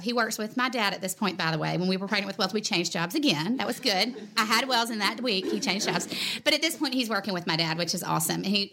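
A woman's voice: lowish voice, a bit bright. A woman, animatedly telling a personal story and acting out quoted dialogue. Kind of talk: personal testimony.

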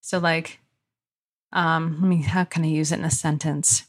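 A woman's voice: sits low, level tone. Chatty, laughing woman podcast co-host. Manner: chatty, laughing, quick asides. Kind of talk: casual podcast chat.

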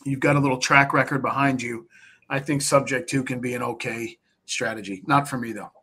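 Man, podcast guest, casual talk, mid-pitched voice, animated, repeats words, acts out pitches. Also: brisk, husky. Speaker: podcast guest, real estate investor.

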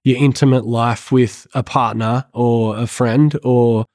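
Excitable, earnest male counsellor. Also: mid-range voice, unhurried, no room sound, studio quality. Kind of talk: podcast discussion.

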